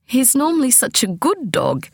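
A flustered mother who scolds in shrill bursts and then apologises, as a woman reading a storybook puts her on. Her voice sits higher and brighter, and the recording is close and dry. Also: wildly swooping pitch, moderate pace, vocal fry, breathy edge, no echo, full character voice. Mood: apologetic. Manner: shrill, exclaiming.

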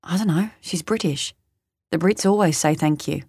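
A woman's voice: on the low side, moderate pace, darkish tone, husky, no room sound, clean studio sound. A woman voicing a laid-back Australian male paramedic who talks in a casual, matter-of-fact way. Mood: offhand.

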